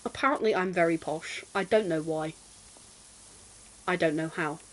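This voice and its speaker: A young British woman chatting casually while streaming a game, self-deprecating and quick to giggle and exclaim. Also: fairly low pitch, rough recording. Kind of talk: casual gameplay chat.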